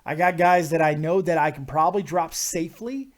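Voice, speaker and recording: A man hosting a casual live talk show, talking excitably about fantasy hockey and fights and swearing freely. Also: fairly high pitch, a little fast. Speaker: host.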